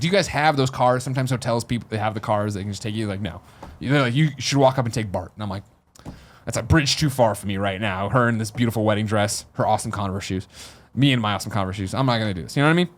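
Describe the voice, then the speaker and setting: A man in his thirties tells a story on a podcast, talking very fast at an ordinary middle pitch. He acts out the voices of the people in his story with lively, animated delivery. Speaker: podcast host. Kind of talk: casual storytelling.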